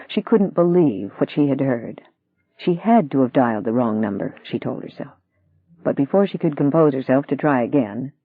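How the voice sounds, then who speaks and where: A narrator reading a novel aloud in an even, measured way. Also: mid-range voice, breathy edge, dry recording. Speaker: audiobook narrator. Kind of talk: scripted narration. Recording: dry tinny phone-like sound.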